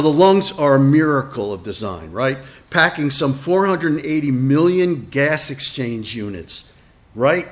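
A man preaching a sermon in a relaxed, conversational way. He asks the congregation questions and adds self-deprecating asides. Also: medium pitch. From Italian heritage. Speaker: pastor.

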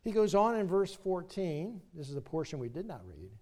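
A man's voice: sits high, big pitch swings, moderate pace, dark tone. A male pastor preaching an earnest sermon from the pulpit of a church, appealing to his listeners and reading scripture aloud. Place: church sanctuary.

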